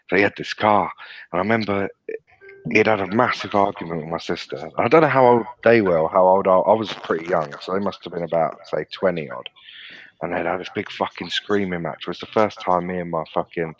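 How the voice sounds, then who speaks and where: A man's voice: sits low, rough recording. A man, co-hosting a podcast and telling childhood stories with constant swearing and laughter. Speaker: podcast co-host. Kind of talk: casual storytelling.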